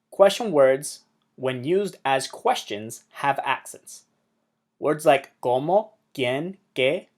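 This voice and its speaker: A man teaching an introductory Spanish lesson, explaining things plainly with an upbeat manner and small jokes. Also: mid-range voice.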